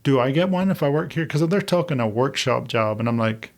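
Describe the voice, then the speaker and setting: A man speaks as a podcast guest in a gravelly, mid-pitched voice. He tells his stories with animation and mimics the people in them as he goes. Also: fairly quick. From Scotland. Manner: animated storyteller, acts out quoted voices, laughs often. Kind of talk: casual interview chat.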